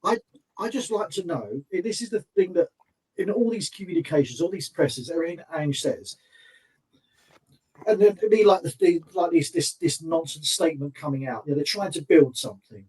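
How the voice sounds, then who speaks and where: High, husky man, scornful and frustrated. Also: sing-song, a little fast, darkish tone, recorded from a distance, low-quality recording. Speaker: podcast co-host. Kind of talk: casual football podcast chat.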